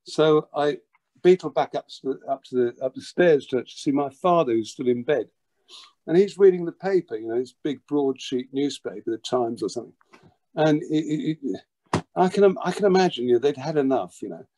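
An older man, telling a childhood story as an interview guest, lively and full of restarts and repeated words. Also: mid-range voice, moderate pace. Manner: animated, repeats words while acting out a story. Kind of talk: anecdotal storytelling.

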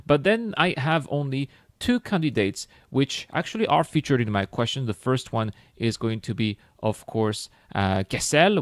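A man's voice: medium pitch, lively intonation, a little slow, few pauses, no echo, studio quality. A young man with a French accent, a French native speaker, hosting a casual gaming video and musing enthusiastically with many fillers and restarts.

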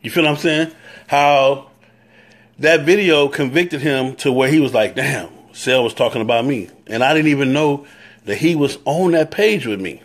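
A man's voice: a little high, moderate pace. A man with a Southern US accent giving a live-stream talk, preaching on brotherhood and greeting viewers by name as he goes. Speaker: motorcycle club leader.

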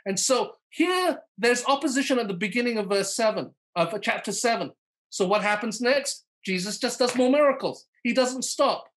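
A man's voice: very high voice, animated, moderate pace, a bit bright. A man preaching a sermon at a live online church service. He checks in with "okay?" and "all right?" after nearly every point, calls on listeners by name and acts out the quoted lines.

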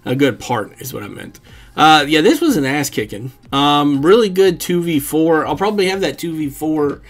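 A man's voice: on the high side, animated, normal speed. A man giving casual, rambling commentary over his own gameplay, swearing freely and chuckling often. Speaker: gaming commentator.

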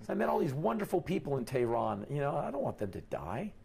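A middle-aged man from the United States telling stories in an interview in an animated way, quoting the people he met. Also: on the high side, fast talker, gravelly, breathy edge. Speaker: interview guest.

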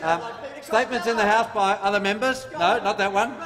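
An Australian member of parliament delivers a combative debate speech, reading the rules aloud from the rulebook. His voice is high-pitched and fairly quick, with a crowd audible behind him. The large parliament chamber gives the recording a long hall reverb.

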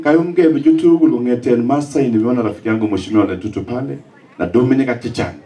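A man's voice: lowish voice, warm tone. A man with a Kenyan accent giving a rousing, impassioned speech at a funeral, often rising to emphatic cries. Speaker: speaker at a funeral, teacher and politician. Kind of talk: impassioned public address. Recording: voice picked up from a distance.

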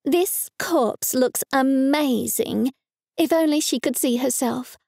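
A woman's voice: high voice, slow, vocal fry, no echo, clean studio sound, voice pushed up, heavily acted. A woman narrator voicing a bored, tactless woman who works at a funeral home, talking in an offhand way. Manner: flat, offhand.

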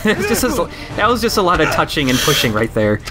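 A young man giving casual, laid-back gameplay commentary, explaining how a fight works and laughing often. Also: sits high. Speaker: let's play commentator.

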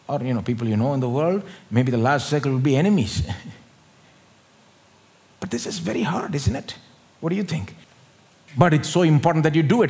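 Animated Indian man preaching a sermon. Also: a little high. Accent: Indian English. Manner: animated, rhetorical questions, frequent laughs. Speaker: pastor. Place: church.

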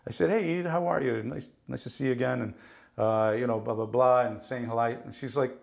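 A man from New Jersey tells stories from his acting life in a relaxed interview. He talks with energy, slips into other people's voices when he quotes them, and swears in passing. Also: mid-range voice, brisk, gravelly. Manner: animated, acts out quoted voices, swears casually. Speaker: guest actor. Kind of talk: casual interview storytelling.

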